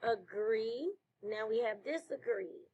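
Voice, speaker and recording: A woman teacher leading a slow phonics lesson for children, praising answers. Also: on the high side, a little mellow, highs cut off, a little hiss or hum. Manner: slow, clear classroom delivery with praise.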